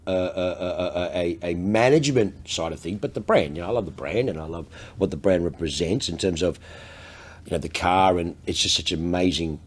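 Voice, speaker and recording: A man's voice: deep voice, fairly quick, slight background noise. An Australian man, a luxury car salesman, telling stories on a casual podcast, swearing constantly and full of energy. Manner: profane, animated storyteller.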